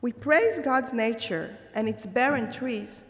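Slow, gravelly woman preaching in a hall. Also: a little high, animated. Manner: slow, measured, thoughtful delivery. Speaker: religious speaker. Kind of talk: reflective holiday sermon.

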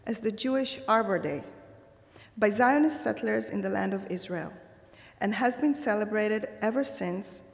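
A woman giving a slow, measured and thoughtful holiday sermon. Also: medium pitch, gravelly, big-room sound. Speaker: religious speaker.

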